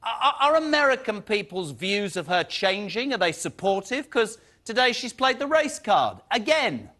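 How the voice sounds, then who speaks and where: A man's voice: sits high, sing-song, normal speed, sharp tone. A man hosting a TV panel debate, asking combative, incredulous questions. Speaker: TV host.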